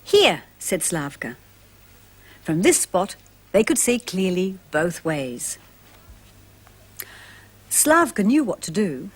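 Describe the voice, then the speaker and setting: A woman narrating a storybook for young children, gentle and expressive, asking the listeners questions. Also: fairly low pitch, slow, pauses often, breathy edge.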